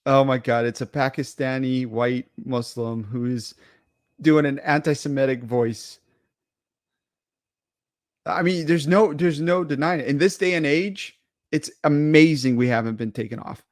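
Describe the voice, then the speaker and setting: A man co-hosting a casual podcast, talking fast and swearing as he rants. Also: medium pitch, no room sound, studio quality. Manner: animated, swears a lot, ranting banter. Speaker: podcast co-host. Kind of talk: casual chat.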